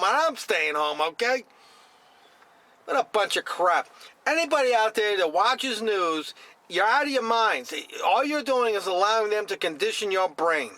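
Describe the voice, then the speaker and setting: A man's voice: high-pitched, expressive, measured pace, pushed and bright, no echo. A middle-aged man from New Jersey ranting straight to camera, blunt and scornful, with a lot of repetition. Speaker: vlogger.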